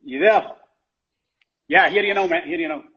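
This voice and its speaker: A man's voice: on the high side, normal speed, highs cut off, background noise. A man hosting a podcast, chatting casually and laughing easily on a call. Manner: chatty, laughs easily, distracted by home visitors. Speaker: podcast host. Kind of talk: casual chat.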